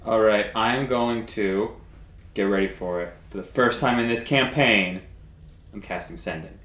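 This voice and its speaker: A man playing a tabletop game, playful and quick to giggle. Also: fairly low pitch, fairly bright tone, roomy sound. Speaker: player. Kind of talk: casual tabletop play.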